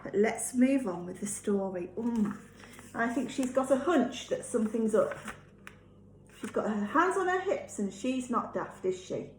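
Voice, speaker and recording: Slow-paced woman reading a storybook. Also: on the high side, expressive, a little hiss or hum. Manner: gentle, explaining, asks children questions. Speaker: teacher. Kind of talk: reading a storybook aloud to children. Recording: echoey room.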